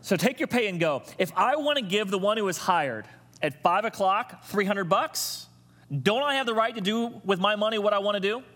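A man's voice: sits high, lively intonation, normal speed, a bit bright, voice pushed up. A man voicing a generous, indignant male vineyard owner in a sermon retelling, firing emphatic rhetorical questions. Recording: long reverb of a large hall.

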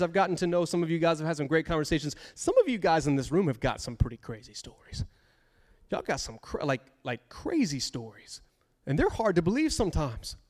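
A man preaching a sermon as a pastor, animated and conversational, repeating key phrases for emphasis. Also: high-pitched.

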